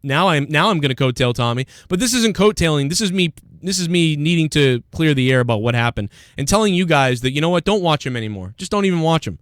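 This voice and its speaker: A man's voice: on the high side, lively intonation, fast talker, hardly any pauses, dry recording, studio quality. A man hosting a livestream, ranting in an aggrieved tone and reading out chat comments. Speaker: livestream host.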